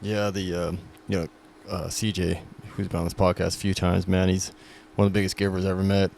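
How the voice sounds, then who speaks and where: Flat, gravelly low-voiced male host. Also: a little fast, slight background noise. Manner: reflective, rambling, says "man" often. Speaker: podcast host. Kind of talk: casual podcast conversation.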